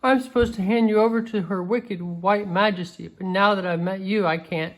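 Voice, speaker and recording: A woman's voice: mid-range voice, steady tone, moderate pace, natural voice. A woman reading as a tearful, remorseful faun. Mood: pleading. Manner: pleading, tearful.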